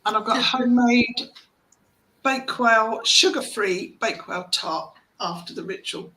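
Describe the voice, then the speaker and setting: A woman's voice: fairly high pitch, a little slow, pushed and bright, rough recording. A woman chatting casually in a group call, laughing along. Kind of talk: casual chat.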